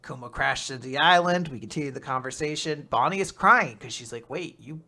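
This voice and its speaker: Animated, swearing manga podcast host. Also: mid-range voice, a little fast. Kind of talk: casual manga recap.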